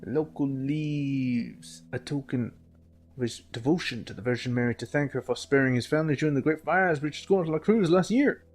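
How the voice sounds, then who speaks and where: A man's voice: medium pitch, normal speed, soft background music. A man hosting a game let's play, joking and laughing as he reads in-game documents aloud. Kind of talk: casual gameplay commentary, reading in-game documents.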